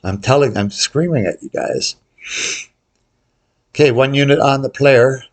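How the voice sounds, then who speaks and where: A man's voice: mid-range voice, a little slow. An older man hosting a gambling tutorial, calling out bets to viewers in a casual, joking way. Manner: chatty, jokey, calls out bets to viewers. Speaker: baccarat tutorial host. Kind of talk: casual commentary over live bets.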